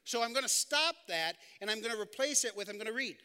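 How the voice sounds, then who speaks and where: A man's voice: high voice, lively intonation, fast talker, sharp tone, clean tone, in a large hall. A man preaching a conversational sermon, often restarting his sentences and acting out the inner thoughts of his listeners. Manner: conversational, repetitive restarts, acts out quoted thoughts. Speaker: pastor. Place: church.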